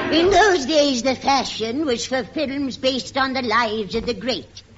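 A vain old film star, slow and grand. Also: female voice, a little high. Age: older. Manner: grand, reminiscing, saucy. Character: aging vain former film star woman, boastful. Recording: lo-fi radio recording with loud audience and noise.

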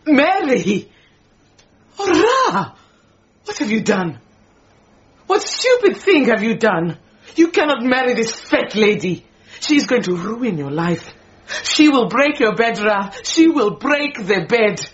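A woman's voice: on the high side, big pitch swings, measured pace. A woman playing a proud, possessive middle-aged housemaid, scolding and wailing theatrically. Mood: outraged. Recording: dull lo-fi radio recording.

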